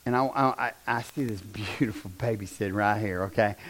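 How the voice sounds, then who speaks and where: A man, preaching a fiery revival sermon in a church, swinging from shouts down to a near-whisper. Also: on the low side, fairly quick. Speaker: pastor.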